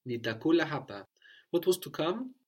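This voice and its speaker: A man's voice: a little high, big pitch swings, normal speed, slightly rough. A man teaching a language lesson, patiently prompting his student and repeating her answers.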